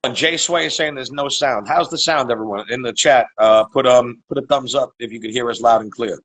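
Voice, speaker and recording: A man's voice: mid-range voice, a little fast, fairly bright tone, rough recording. A man from Staten Island with a heavy New York accent, a rapper chatting bluntly as a podcast guest over a video call. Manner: blunt, streetwise, swears freely. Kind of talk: casual chat.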